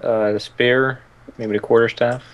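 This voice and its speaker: A man playing in a tabletop game, speaking in a hesitant, low-key way. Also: little pitch movement, a little slow, a little hiss or hum, rough recording. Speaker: player. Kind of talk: casual chat at a game table.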